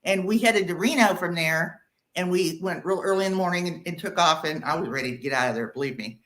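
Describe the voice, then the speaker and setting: A woman's voice: fast, low-quality recording. Chatty middle-aged woman telling a ghost story. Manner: animated, laughs often, drops low for quoted voices. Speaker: guest caller. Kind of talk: casual storytelling.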